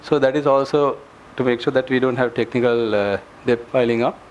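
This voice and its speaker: A man's voice: mid-range voice, fairly even intonation, brisk, a little hiss or hum. A man, an engineering director, giving a presentation at a meetup, speaking earnestly with many fillers and restarts as he gives advice. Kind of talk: conference presentation. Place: meetup venue with an audience.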